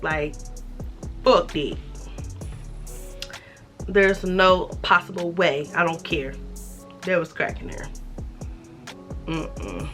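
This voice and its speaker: A woman in her twenties telling a casual story-time vlog, animated and profane, acting out the dialogue. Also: lowish voice. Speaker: vlogger.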